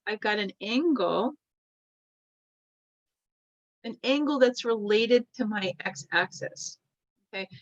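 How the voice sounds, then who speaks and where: A woman teaches a classroom lecture in a middle-pitched voice, walking through each point as she draws and pausing to ask "right?". The recording is dull and lo-fi, with a dry, close sound. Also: fairly bright tone, no echo. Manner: explains while drawing, checks in with "right?" often.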